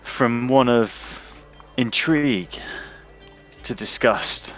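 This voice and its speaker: A man narrating as dungeon master, measured with frequent ums. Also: mid-range voice, fairly bright tone, faint music behind. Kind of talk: tabletop game narration.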